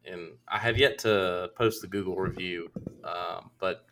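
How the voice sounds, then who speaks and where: A man telling a story in casual chat with friends, animated and quoting others as he goes. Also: deep voice, measured pace, a little hiss or hum. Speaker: podcast co-host telling a story.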